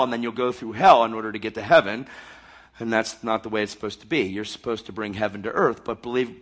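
A man preaching a fervent sermon, acting out little scenes as he goes and swinging from shouts down to near-whispers. His voice is husky with a bright, forceful edge. His pitch leaps around in a lively way.

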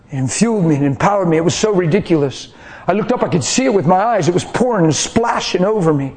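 A middle-aged man preaching a testimony sermon, passionate, swinging from hushed whispers to loud cries. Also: high voice, lively intonation, normal speed, long pauses.

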